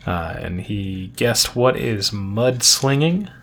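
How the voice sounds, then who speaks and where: A man's voice: lowish voice, takes it slowly, gravelly. Man recapping quiz show scores. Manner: relaxed, recaps scores and clues in detail. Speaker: podcast co-host. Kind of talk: casual game-show recap chat.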